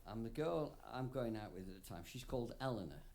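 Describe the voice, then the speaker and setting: A man's voice: mid-range voice, animated, fairly quick, darkish tone. Drunk rambling man telling a stage story. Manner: profane, rambling, laughs between phrases. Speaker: singer-songwriter performing live. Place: concert hall stage. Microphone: stage vocal mic, soundboard feed.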